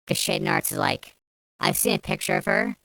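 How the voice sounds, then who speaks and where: A woman with a low, smooth voice tells a storytime rant, swearing heavily and restarting her sentences as her anger builds. The sound is dry and close, with no room around it. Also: moderate pace, sharp tone, no room sound. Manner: angry, profane, rambling with restarts. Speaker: vlogger.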